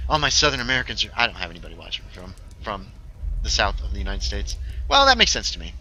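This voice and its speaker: A man's voice: medium pitch, big pitch swings, a little fast, sharp tone, poor audio. A man chatting casually while streaming a story game, joking with his viewers. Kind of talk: casual gaming livestream commentary.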